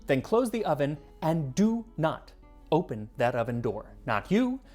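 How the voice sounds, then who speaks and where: Man, cooking history host, scripted narration, animated pitch, playful asides, soft music underneath. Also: moderate pace.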